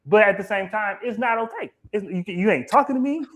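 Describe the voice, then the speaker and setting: Brief: high-voiced man, heated, colloquial live review commentary. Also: fairly quick, a bit bright. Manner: emphatic, colloquial, repeats words when heated. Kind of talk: live TV episode review chat.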